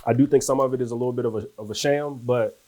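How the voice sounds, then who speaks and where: A man from Washington, D.C., a guest author and musician, telling long stories in a relaxed way. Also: mid-range voice, very fast. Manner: laid-back, talks in long rambling stories. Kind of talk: casual interview storytelling.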